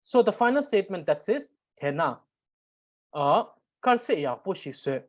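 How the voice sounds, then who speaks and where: A woman's voice: on the low side, very animated, unhurried. A woman teaching a grammar lesson, explaining step by step with frequent fillers and repetition. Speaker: language teacher.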